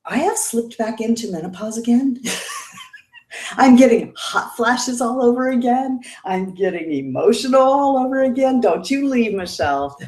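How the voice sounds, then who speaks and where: A woman's voice: fairly low pitch, reverberant. Chatty mature woman hosting a livestream. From Indiana, United States. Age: 50s. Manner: chatty and emotional, laughs often. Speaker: beauty livestream host. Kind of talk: casual livestream chat, reading viewer comments.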